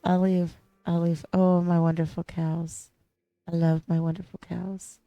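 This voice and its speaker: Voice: mid-range voice, flat delivery, unhurried, no echo, lo-fi sound. Gushing, giggly live streamer. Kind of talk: casual gameplay commentary.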